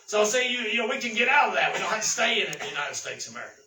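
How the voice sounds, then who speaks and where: A man preaching a sermon, telling folksy stories and building to shouted exhortation. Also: high-pitched, big pitch swings, very fast, echoey room, far from the mic, slight background noise, rough recording. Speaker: pastor.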